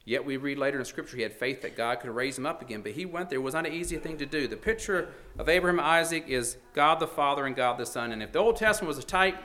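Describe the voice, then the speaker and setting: A man preaching a sermon with a bright, forceful voice that sits a bit high for a man. He is earnest and emphatic, building up for emphasis and then dropping down again. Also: quick pace, hardly any pauses.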